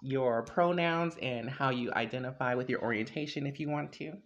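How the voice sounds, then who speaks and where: A woman's voice: a bass voice, normal speed, highs cut off. A woman hosting a podcast, chatting casually and introducing her guest with lots of fillers. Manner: chatty, warm-hearted, filler-heavy. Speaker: podcast host.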